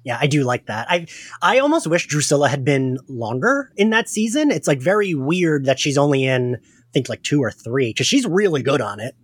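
A woman's voice: sits low, big pitch swings, moderate pace, slightly rough, dry recording. A woman hosting a casual podcast chat, giggly and full of fillers. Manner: giggly, chatty, lots of fillers. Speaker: podcast host.

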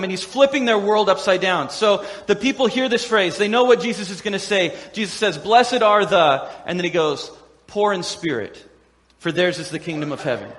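A man preaching a sermon as a pastor, animated and playful, acting out quoted voices with humor. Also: high voice, in a large hall.

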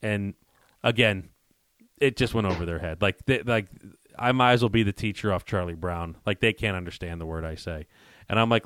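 A man co-hosting a casual chat, telling a story with quick laughs and acting out both sides of a phone call. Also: fairly low pitch, no room sound, clean studio sound. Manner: animated storyteller who acts out both sides of phone calls, laughing as he goes. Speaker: podcast co-host.

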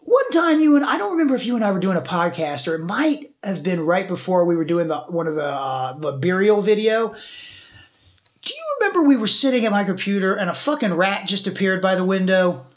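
A podcast host spins a rambling story in easy conversation, swearing freely and telling it with animation. The voice sits at a middle pitch. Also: big pitch swings, a little fast. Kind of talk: casual storytelling chat.

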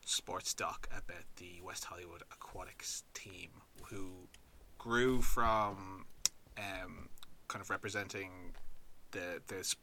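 A man's voice: deep voice, steady tone, slow, bright, forceful tone, slight background noise. A man on a podcast describing a documentary, hesitant, with many "um"s and "kind of"s. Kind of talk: casual film review chat.

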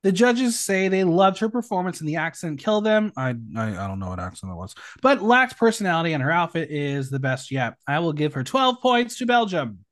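Lively, animated male podcast host. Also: a little high, brisk, hardly any pauses, dry recording, studio quality. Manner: animated, opinionated, swings between loud and hushed. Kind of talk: casual recap chat.

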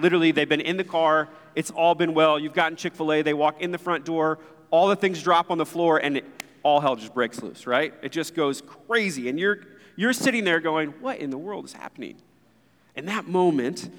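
A man's voice: a little high, fairly bright tone. A man in his thirties preaching a sermon as pastor, earnest and conversational, with asides to the congregation. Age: 30s. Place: church sanctuary. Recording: long reverb of a church hall.

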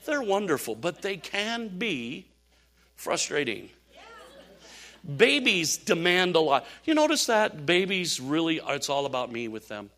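An older man preaching a sermon, telling animated stories with laughs and asides. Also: fairly high pitch, a little slow. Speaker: pastor.

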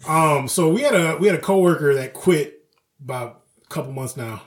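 A man co-hosting a podcast, telling animated work stories in casual, profane chat and acting out his coworkers' lines. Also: a little high, moderate pace. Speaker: podcast co-host.

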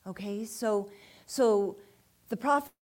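Slow, fervent woman preaching a sermon. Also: medium pitch. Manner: calls "amen?" to the congregation, rising to fervent emphasis. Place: church.

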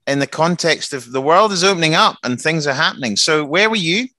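Male co-host, bright tone, dead-dry studio sound, brisk prompts. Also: on the high side, animated, no echo. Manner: brisk, encouraging interjections. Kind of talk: casual radio chat.

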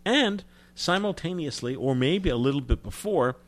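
Speaking at a moderate pace in a somewhat high, animated voice, a film distributor from New Jersey shares stories as an interview guest. He's talkative and casual, frequently starting sentences over.

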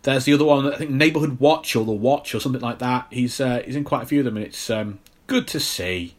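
Male co-host, mid pitch, relaxed and rambling. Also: fast talker. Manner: easygoing, rambling, many fillers. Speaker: podcast co-host. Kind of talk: casual film-review chat.

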